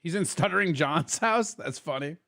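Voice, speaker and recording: A man's voice: fairly high pitch, expressive, normal speed, creaky, sharp tone, dry recording, clean studio sound. A man commentating on a livestream he is watching, mocking it with frequent laughs and a put-on customer voice. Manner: mocking, laughs often, does a nerdy customer voice. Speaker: stream commentator.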